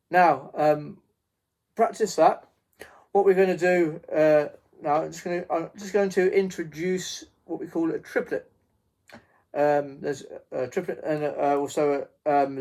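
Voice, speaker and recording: A man teaching a beginner drum lesson in a halting way, with many fillers and restarts, counting beats aloud. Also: on the high side, creaky, a little mellow. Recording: faint noise with drum pad clicks.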